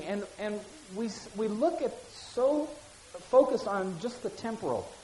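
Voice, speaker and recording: Woman Bible teacher, lively and conversational, asks listeners questions; echoey room. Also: on the high side, moderate pace. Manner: reads scripture aloud with acted voices, then explains casually; asks listeners questions and repeats key phrases.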